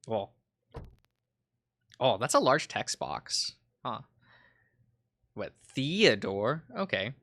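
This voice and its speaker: A man's voice: mid-range voice, sing-song, slow pace, pauses often, a bit bright, no room sound, studio quality. A man streaming a visual novel, reading it aloud with chuckling asides.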